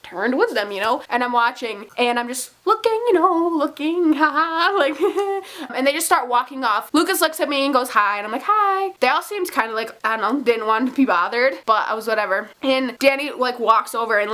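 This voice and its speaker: A young woman chats through a casual storytime vlog. Her voice sits a little high and sounds bright and tense. She talks excitably, swears freely and fills her sentences with "like". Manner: excitable, swearing, many fillers. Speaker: vlogger.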